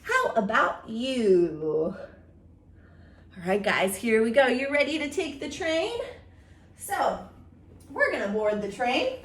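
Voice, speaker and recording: Playful high-voiced woman leading kids yoga. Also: very animated, unhurried. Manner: playful, making animal and train sounds, coaxing. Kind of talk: storytime yoga lesson for children. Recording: roomy, far from the mic, faint hiss.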